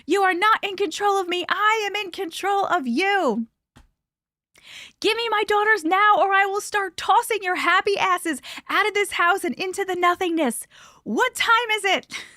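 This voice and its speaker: A woman's voice: very high-pitched, normal speed, no room sound, voice pushed up. A woman playing a furious mother who screams defiantly and curses at dream figures. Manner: shouting, defiant, cursing.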